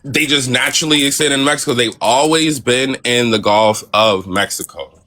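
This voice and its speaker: A man's voice: medium pitch, normal speed, bright, forceful tone. A man in a casual group discussion, speaking hesitantly with many restarts.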